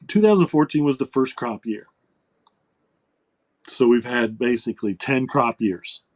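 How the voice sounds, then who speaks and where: A man of middle pitch hosts a casual talk show. He rambles, stops and starts, and fills his pauses with ums and uhs. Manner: rambling, many fillers and restarts. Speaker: host.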